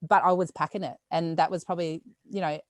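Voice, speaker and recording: A woman's voice: fairly low pitch, dry recording. An Australian woman, a weightlifter, telling stories in a casual podcast chat, acting out quotes as she goes. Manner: rapid, animated storytelling with acted quotes.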